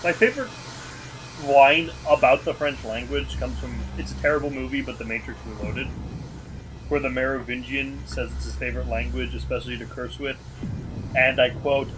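A man's voice: mid-range voice, normal speed. A man playing a video game and chatting casually, dry and swearing as he narrates his play. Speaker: player in a let's play. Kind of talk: casual gaming chat. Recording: noisy game audio behind.

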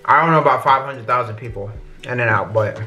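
A young man talking in a casual vlog, slangy and rambling, often getting animated. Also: medium pitch, a little fast, faint music behind. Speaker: YouTuber. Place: car at a drive-thru, then indoors at home.

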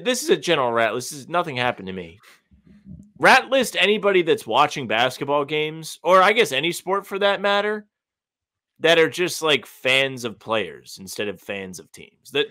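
Lively man ranting on a podcast. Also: fairly high pitch. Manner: opinionated, ranting with mock outrage. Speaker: podcast co-host. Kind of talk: casual chat.

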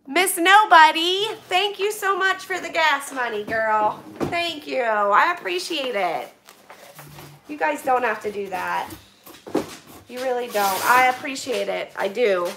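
A young woman with a Western Pennsylvania accent, chatting on a home livestream as she opens gifts from viewers, effusive and quick to laugh. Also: high-pitched, a bit bright. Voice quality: effusive, gushing, laughs often. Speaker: vlogger opening viewer donations on a livestream. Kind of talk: casual livestream chat. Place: indoors at home, kitchen area. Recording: echoey room, clear background noise.

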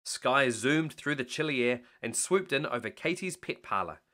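A man reading a bedtime story aloud in an animated way. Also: medium pitch, normal speed.

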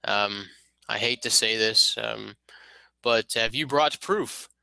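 A man's voice: on the low side, slow, creaky, pushed and bright, clear, resonant tone, no room sound, exaggerated voice, poor audio. Man putting on Lord Padraig, a courteous town lord. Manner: polite, hesitant with many fillers.

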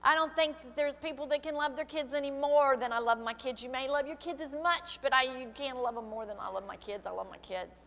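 A woman's voice: high voice, fairly even intonation, fairly quick, hardly any pauses, a bit bright, long reverb tail. An older woman pastor preaching a sermon, emotional and tearful, slipping into prayer. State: crying. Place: church sanctuary.

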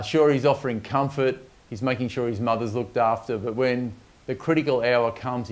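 A man preaching a sermon, speaking reflectively with frequent fillers and restarts. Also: medium pitch.

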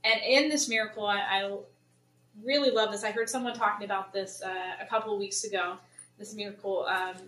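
A woman's voice: medium pitch, fairly quick, a little hiss or hum. A woman leading a casual Bible study for a church group, chatty and acting out the people in the story. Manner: chatty, paraphrases in lively voices. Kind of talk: casual Bible teaching to a congregation. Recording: roomy church hall, mic at a distance.

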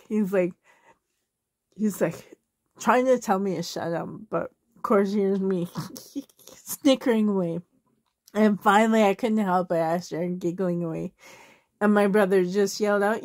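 Canadian lady in her 40s rambling thru a funny story, slow and giggly, dry close sound. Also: mid-range voice, darkish tone, dry recording. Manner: giggly, laughs through her stories; loose and rambling, many fillers. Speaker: vlogger answering a tag video. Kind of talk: casual storytelling.

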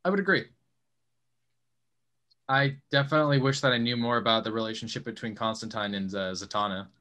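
Loud cussing guy hosting a comics show, bright sharp tone, argues then laughs at himself. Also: mid-range voice, a little fast. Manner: loud, swearing, self-mocking. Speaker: podcast host. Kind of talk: casual chat.

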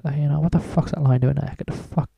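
Gravelly, swearing man. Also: a little high, fairly even intonation, fast, warm tone, no echo. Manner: rambling, swears in nearly every sentence. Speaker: drawing tutorial maker. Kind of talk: casual screen-recorded tutorial.

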